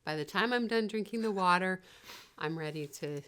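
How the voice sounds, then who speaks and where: A woman co-hosting a casual parenting podcast, chatty and quick to laugh. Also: on the low side, fairly bright tone. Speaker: podcast co-host.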